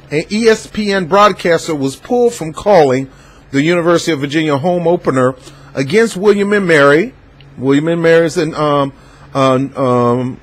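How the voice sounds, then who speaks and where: Husky high-voiced man, rambling commentary. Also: low-quality recording. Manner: rambling, digressive, lots of fillers and laughs. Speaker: vlog host. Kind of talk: casual news commentary.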